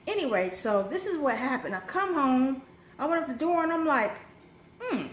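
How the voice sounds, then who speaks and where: Young woman, storytime vlogger, higher voice, blunt and salty, heats up fast; echoey home room. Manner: blunt, profane, animated storytelling with sudden rises. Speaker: vlogger telling a personal story. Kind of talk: casual storytime monologue. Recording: echoey room with faint background noise.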